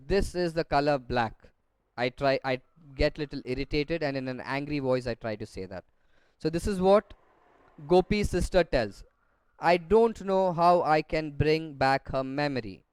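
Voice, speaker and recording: A man's voice: fairly high pitch, smooth, no echo. Man explaining a class story. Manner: explains step by step, rereads lines after slips. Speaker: teacher. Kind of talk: reading and explaining a textbook story.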